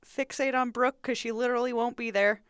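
A woman's voice: on the high side, fairly even intonation, brisk, a bit bright, smooth, dry recording, clean studio sound. Chatty podcast co-host woman. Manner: chatty, laughs often, opinionated. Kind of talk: casual reality-TV recap chat.

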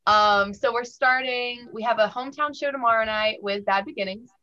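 A woman's voice: fairly high pitch, moderate pace, sharp tone, faint music behind. Chatty woman musician on lo-fi audio. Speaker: band member guest. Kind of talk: casual podcast interview. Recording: dull lo-fi audio.

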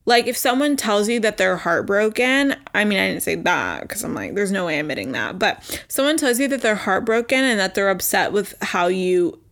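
A young woman telling a personal story in a casual storytime monologue, animated and exasperated, swearing freely and acting out what people said. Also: mid-range voice, moderate pace, hardly any pauses.

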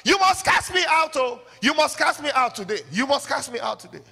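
A man voicing a defiant demon possessing a girl, screaming high and strained. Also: very animated, brisk, vocal fry, sharp tone, big-room sound, soft background music, full character voice.

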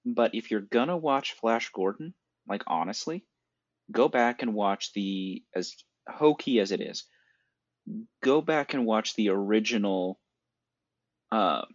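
Low-voiced man explaining at length. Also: animated, measured pace, no room sound. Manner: knowledgeable, explains at length about swords. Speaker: podcast co-host. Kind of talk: casual film chat. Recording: dry, dull lo-fi sound.

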